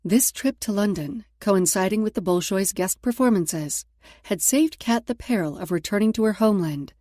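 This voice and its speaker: A woman reading a romance novel aloud as an audiobook narrator in a steady, even way. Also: medium pitch, moderate pace, no echo, studio quality. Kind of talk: scripted narration.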